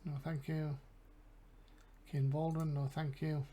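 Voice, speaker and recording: A man's voice: a little high, flat delivery, takes it slowly, mellow, slight background noise. A man with an English accent, casually commentating a game and thinking aloud with mumbled asides. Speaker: gaming channel host.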